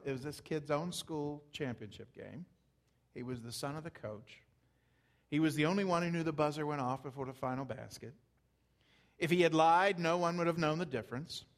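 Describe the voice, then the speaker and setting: A man preaching a sermon, telling stories conversationally and building emphasis as he goes. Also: a little high. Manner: conversational storytelling, rising emphasis. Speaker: pastor.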